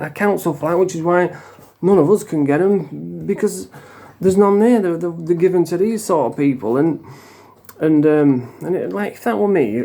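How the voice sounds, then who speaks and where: A man's voice: a little high, warm tone. A British man talking straight to camera in a casual, rambling monologue that often turns heated and profane. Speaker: vlogger in addiction recovery.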